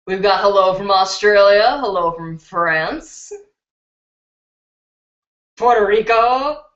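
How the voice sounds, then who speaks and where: Chicago girl live streaming off her webcam, bubbly and excitable, roomy dull sound. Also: medium pitch, slow pace. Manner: bubbly, excitable, reads out viewer comments. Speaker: beauty YouTuber hosting a live stream. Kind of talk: live stream chat reading comments. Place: indoors at her computer.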